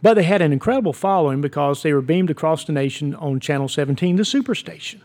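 A man's voice: a little high, animated, fast talker, darkish tone. A man, hosting a devotional podcast and telling a story in an earnest, encouraging way. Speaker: podcast host.

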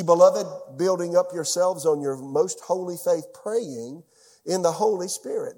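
A man's voice: fairly high pitch, dark tone. A middle-aged man preaching a sermon as pastor, telling a personal story and putting questions to his congregation.

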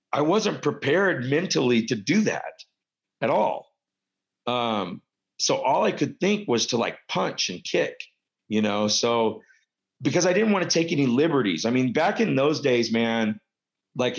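A middle-aged man and former pro wrestler telling stories casually, rambling with lots of fillers and self-corrections. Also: mid-range voice. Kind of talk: casual anecdotal storytelling. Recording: dull lo-fi recording.

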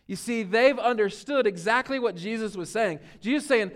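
A pastor preaching a sermon, earnest and emphatic, dropping to a hush for key points. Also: male voice, high-pitched, brisk, few pauses. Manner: earnest preaching, swinging between emphatic and hushed. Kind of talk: sermon on a Bible passage.

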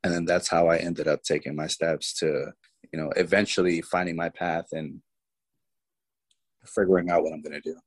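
Male interview guest, lowish voice, lively storyteller. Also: normal speed, breathy edge, low-quality recording. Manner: animated storyteller, voices people in his story.

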